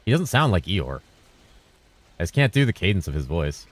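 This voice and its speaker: A man streaming games, chatting loosely with his viewers in a deep, bassy voice. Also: very animated, normal speed. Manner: rambling and loose, with bursts of laughter. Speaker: game streamer. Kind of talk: casual livestream chat answering viewers. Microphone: streaming mic through a mixer.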